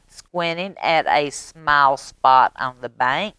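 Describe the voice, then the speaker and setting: A woman reading a story aloud to children at storytime, with gentle animated asides. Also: low-pitched, slow, smooth, no echo.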